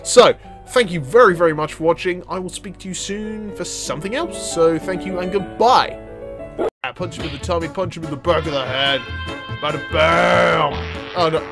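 A young man giving excitable gameplay commentary, laughing and exclaiming as he plays. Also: high voice, normal speed. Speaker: gaming video host. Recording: game music playing loudly under voice. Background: game music.

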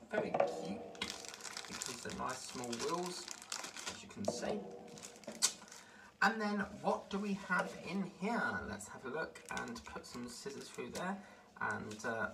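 Chatty man, distant noisy recording. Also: medium pitch. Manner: chatty, rambling, easily delighted. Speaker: model-building vlogger. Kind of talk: casual unboxing commentary. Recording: distant mic with clear background noise.

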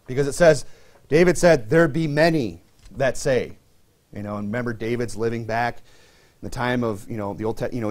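Man, pastor, conversational sermon, frequent fillers, pitch jumps for emphasis. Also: a little mellow.

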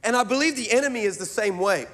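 High-voiced pastor in a reverberant hall. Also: male voice. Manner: animated, fast, bursts into excited shouts. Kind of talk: comedic sermon storytelling.

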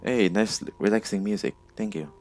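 Nervous low-voiced male gamer. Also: a little mellow, soft background music. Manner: nervous, halting commentary with laughs. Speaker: game player. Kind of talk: let's play commentary.

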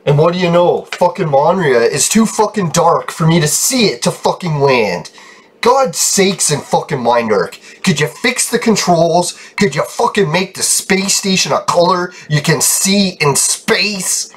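A man's voice: fairly high pitch, lively intonation, measured pace, slight background noise. A young man giving profane, frustrated commentary over his gameplay, breaking into laughs. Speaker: game video creator.

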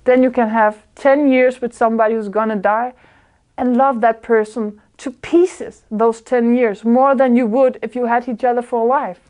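A woman's voice: on the high side, steady tone, normal speed, a little mellow. A woman giving an informal spiritual talk to a small group indoors. She sounds earnest, searches for her words, and often laughs. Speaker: spiritual speaker.

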